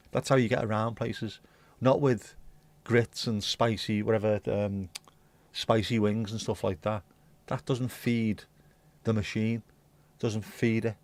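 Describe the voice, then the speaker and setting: Gravelly man, blunt chatty host. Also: medium pitch. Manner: rambling, blunt and sweary. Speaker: livestream host. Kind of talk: casual chat reading viewer comments.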